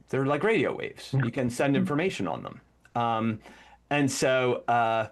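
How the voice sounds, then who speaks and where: A man co-hosting a podcast, chatting casually and animatedly, breaking into acted-out commands as he explains. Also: medium pitch. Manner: animated, acts out commands mid-sentence. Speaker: podcast co-host.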